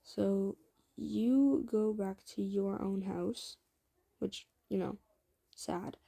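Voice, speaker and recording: A woman's voice: mid-range voice, extremely slow, creaky, warm tone. A woman improvising a fan-fiction story, rambling casually with many asides and fillers. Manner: rambling, lots of "like", self-commenting.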